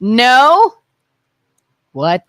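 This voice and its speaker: Lively co-host woman reading comments. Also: a little high, drawn-out words, no echo, clean studio sound. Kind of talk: casual chat.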